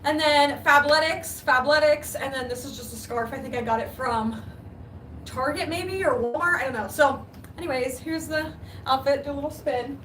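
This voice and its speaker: A woman's voice: sits high, moderate pace, over a noisy crowd. A young woman in casual livestream chat from her basement, chatty and giggly, reading out viewers' comments. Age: young adult. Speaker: vlogger.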